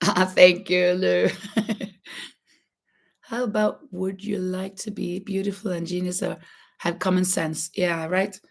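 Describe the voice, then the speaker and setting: Chatty Norwegian woman, halting speech. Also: on the low side, level tone, gravelly. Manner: halting, many restarts and frequent laughter. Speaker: livestream host and schoolteacher. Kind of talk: casual chat while crocheting.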